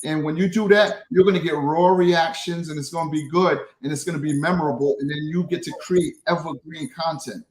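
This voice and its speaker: Man, high voice, interview guest, explanatory, restarts often, roomy echo. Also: fairly even intonation, a little fast, hardly any pauses. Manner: explanatory, frequent restarts and "right?" tags. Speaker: guest, social media creator. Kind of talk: interview answers.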